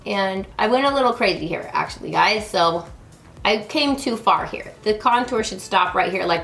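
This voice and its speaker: A woman's voice: medium pitch, creaky, fairly bright tone, roomy sound. A woman in her thirties chatting through a makeup tutorial, bubbly and talking straight to her viewers. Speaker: beauty vlogger.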